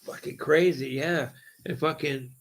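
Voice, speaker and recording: A man telling an excited, rambling story in casual speech, full of swearing, with "right?" and "okay?" tacked onto nearly every line. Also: fairly high pitch, a little slow, rough recording. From Southern Ontario, Canada.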